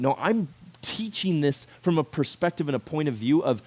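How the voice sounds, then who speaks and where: A man in his twenties giving a sermon to a youth group, talking in a casual and animated way and acting out quotes. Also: on the high side, moderate pace. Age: 20s. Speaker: youth pastor.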